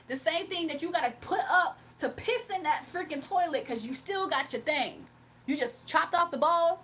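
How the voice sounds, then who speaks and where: A woman's voice: sits high, lively intonation, normal speed, fairly bright tone, distant mic. A woman reading tarot on a livestream, reading chat comments aloud and trading blunt, sassy trash talk with frequent laughs. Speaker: tarot reader streaming live.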